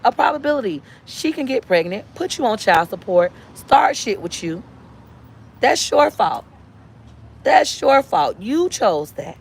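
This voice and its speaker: A woman and mother giving a blunt, profane parenting rant to her followers, rising to near-shouts for emphasis. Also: on the high side. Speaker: mother and online seller. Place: inside a car.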